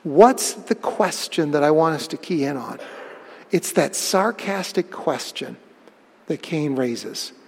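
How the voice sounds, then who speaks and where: A man preaching a sermon, telling the story with lively bursts of emphasis. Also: fairly high pitch, slow pace, gravelly, breathy edge, long reverb tail. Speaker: pastor.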